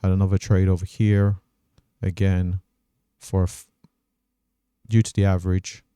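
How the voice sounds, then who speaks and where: A man hosting a trading channel, walking through his day's trades on screen in a measured, methodical way and thinking aloud. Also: sits low, level tone, dark tone, clear, resonant tone, no room sound, studio quality. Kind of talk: casual trading recap over screen recording.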